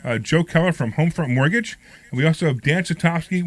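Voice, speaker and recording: A man's voice: on the high side, quick pace. A man hosting a radio talk show, with a nasal voice and a cough from a cold, joking and rambling in a casual chat. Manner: joking, rambling, self-mocking. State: getting over a cold, coughing. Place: radio studio.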